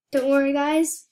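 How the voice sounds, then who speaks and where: High-voiced, slow-talking young woman. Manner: soft-spoken, often hushed, anxious chatter. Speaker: gaming YouTuber. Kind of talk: casual gameplay commentary.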